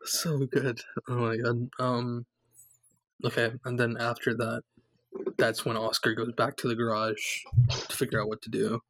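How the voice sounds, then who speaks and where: A man's voice: mid-range voice, monotone, unhurried, fairly bright tone, dry recording. A man in a casual chat about a film, gushing about its jokes and laughing often. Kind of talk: casual movie recap chat.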